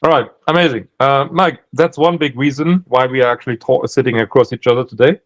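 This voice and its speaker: A man's voice: medium pitch, fairly quick, low-quality recording. A man with a German accent coaching on sales calls in casual chat, thinking aloud with many restarts.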